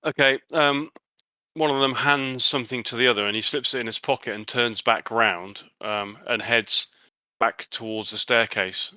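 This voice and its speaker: A man narrating a tabletop horror game as game master, halting often with fillers and restarts. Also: mid-range voice, fairly even intonation, bright, forceful tone, no room sound, low-quality recording.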